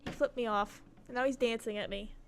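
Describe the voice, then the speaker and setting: A woman's voice: fairly high pitch, steady tone, a little fast, a bit bright, a little hiss or hum. A young woman streaming from home into a desk mic, chatting casually while she plays, telling stories and swearing freely. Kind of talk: casual chat while gaming.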